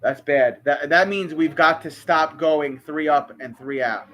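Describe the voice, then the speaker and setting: Male fan commentator, nervous and worked up, fairly high voice, loud outbursts on big plays. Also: a little slow. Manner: anxious, talks to the players, bursts out on big plays. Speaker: fan doing his own play-by-play. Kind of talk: amateur live play-by-play commentary.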